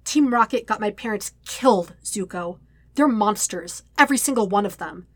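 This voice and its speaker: A woman's voice: medium pitch, animated, moderate pace, no room sound, close to an everyday voice. A woman voicing a bitter young man who speaks coldly and cruelly in a hiss. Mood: cold anger. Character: cold, furious young man with a grudge. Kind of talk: audiobook reading.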